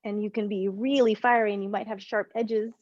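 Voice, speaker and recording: A woman's voice: mid-range voice, brisk, no echo. A woman coach leads a group session over a video call, talking through ideas in loose, rambling bursts and correcting herself mid-sentence. The audio is a little dull and dry, with no room sound. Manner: rambling, self-correcting, animated explanations. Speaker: relationship coach.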